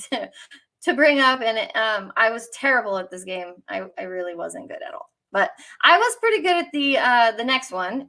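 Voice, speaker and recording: Bright, upbeat woman presenter. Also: on the high side. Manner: chatty, upbeat, with fillers and laughs. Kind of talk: conference session talk.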